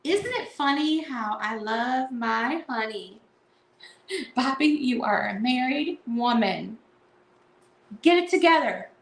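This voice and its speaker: Woman host, casual live-sale chatter, unhurried, playful verse reading, echoey room. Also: high-pitched, expressive. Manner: chatty, reads card verses aloud in a playful sing-song. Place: indoor room at home.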